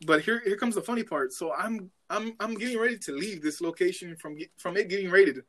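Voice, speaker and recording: Brief: young man, quick and slightly high, animated profane storyteller in casual podcast chat. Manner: animated, profane, acts out voices in his story.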